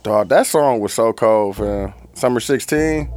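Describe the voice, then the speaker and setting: A young man co-hosting a podcast, drawling low-key remarks in casual chat about rap. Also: a little slow, darkish tone. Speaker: podcast co-host.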